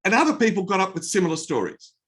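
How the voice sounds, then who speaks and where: A man's voice: high-pitched, fast talker. An Australian man giving a motivational keynote talk, telling stories with energy. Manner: energetic anecdotal storytelling. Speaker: keynote speaker.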